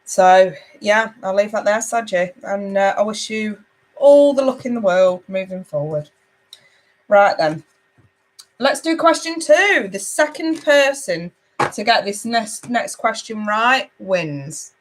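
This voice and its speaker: A woman's voice: mid-range voice, expressive, slow. A woman hosting a live tarot stream, chatting casually and affectionately with viewers as she reads out their comments. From United Kingdom. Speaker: tarot reader hosting a livestream. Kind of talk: casual livestream chat.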